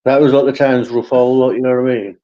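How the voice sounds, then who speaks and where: A man's voice: medium pitch, little pitch movement, fast. A man, telling rambling anecdotes in casual chat and swearing freely. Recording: dull lo-fi stream audio.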